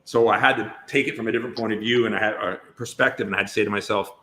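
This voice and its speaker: A man speaks rapid-fire with a fairly low pitch, steady tone and fairly bright quality, with a slight hiss or hum behind him. As a guest actor on a podcast, he's in casual interview chat, rambling through lengthy stories riddled with restarts.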